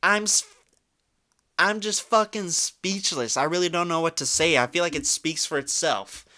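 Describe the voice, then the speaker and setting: A young man with a bright, forceful voice that stays crisp and clear, reacting to what he reads with open disbelief. He mocks and swears freely in a loose commentary style. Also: a little high, fairly quick. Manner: incredulous, mocking, swears a lot. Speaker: commentary YouTuber.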